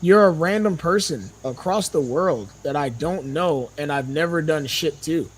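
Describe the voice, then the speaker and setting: A man's voice: a little high, normal speed, slight background noise. A young man, a podcast guest, talking heatedly and indignantly, swearing and firing off rhetorical questions. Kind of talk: heated casual podcast talk.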